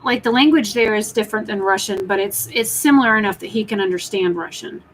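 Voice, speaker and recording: A woman with a mid-range voice chats fast and casually on a live stream from home, rambling, restarting, and talking to her viewers. She also baby-talks to her cat. The recording is rough, with slight background noise.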